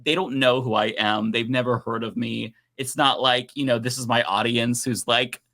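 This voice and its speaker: Male panelist, bright and punchy, profane, animated rant delivery. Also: mid-range voice, moderate pace. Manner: animated, profane, laughs while ranting. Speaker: podcast co-host. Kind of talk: casual political chat.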